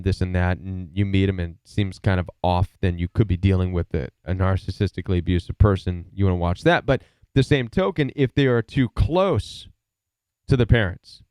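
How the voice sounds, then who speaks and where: A man's voice: on the low side, darkish tone, clean tone, dry recording. A man hosting a live stream, giving earnest, emphatic advice and telling stories in a casual way. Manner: emphatic, earnest, storytelling with repeated words. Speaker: live stream host, relationship advisor.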